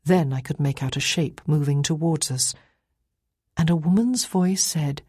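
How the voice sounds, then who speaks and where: A woman narrating an audiobook in the first person with measured, quiet storytelling. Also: low-pitched, husky, dry recording, clean studio sound.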